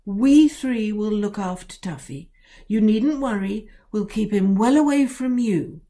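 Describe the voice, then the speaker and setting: A woman reading a storybook, voicing an upset young girl who pleads in a high, tearful voice. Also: expressive, unhurried, mellow, natural voice. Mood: pleading.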